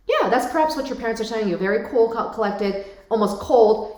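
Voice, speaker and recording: Animated woman vlogger in an echoey room. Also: a little high, fairly quick, few pauses. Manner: animated, addresses viewers directly with frequent "right?". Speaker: parenting vlogger. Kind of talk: casual talk to camera.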